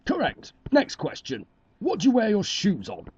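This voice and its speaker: Casting: performer putting on a low-voiced, formal male quiz host, dull lo-fi home recording. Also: huge pitch swings, moderate pace, a little mellow, husky. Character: stiff male quiz show presenter. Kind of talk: amateur cartoon voice acting.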